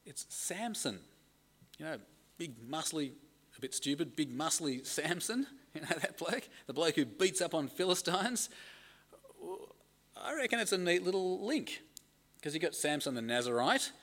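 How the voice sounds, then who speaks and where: Bright-voiced man preaching. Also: on the high side, animated, moderate pace. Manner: conversational preaching, reads scripture aloud with emphasis. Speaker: pastor. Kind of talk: sermon.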